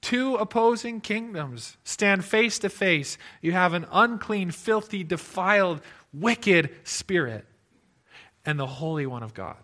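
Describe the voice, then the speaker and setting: A man preaching a sermon, expressive, moving between loud emphasis and hushed tones. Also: high-pitched, slow. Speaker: pastor.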